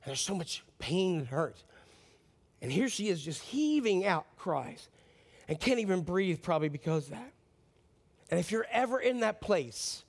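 A man with a notably high voice preaches an earnest, impassioned sermon. He speaks straight to his congregation and keeps putting questions to them as he goes. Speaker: pastor.

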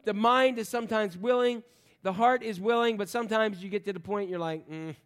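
A man preaching a sermon, animated and playful, acting out voices in the stories he tells. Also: sits high, a little fast. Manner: animated, acts out voices in quotes, jokes with the congregation. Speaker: pastor.

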